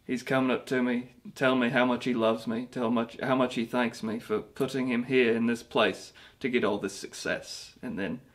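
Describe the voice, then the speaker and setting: A man's voice: medium pitch, fairly even intonation, moderate pace, few pauses, close to an everyday voice. A man playing a boastful British ex-rocker. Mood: rambling. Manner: rambling, boastful, stumbling restarts. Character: vain washed-up male rock singer, self-pitying. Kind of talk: mockumentary interview.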